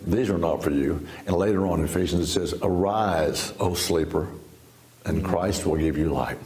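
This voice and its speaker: A Texas man in his seventies gives a personal testimony as a guest in a sit-down interview, his deep, darkish voice moving at a moderate pace in an echoey room. He tells his story in a folksy way, with laughs and restarts.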